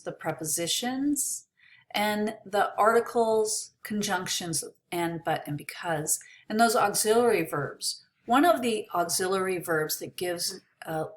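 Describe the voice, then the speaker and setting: A woman teaching an English lesson, explaining in a slow, clear way. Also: medium pitch, fairly bright tone. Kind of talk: ESL lesson.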